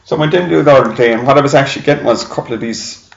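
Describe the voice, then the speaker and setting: An e-juice reviewer gives a casual, rambling product review, chatting and correcting himself along the way. He talks very fast at a medium pitch with vocal fry, recorded in an echoey room with dull, lo-fi sound.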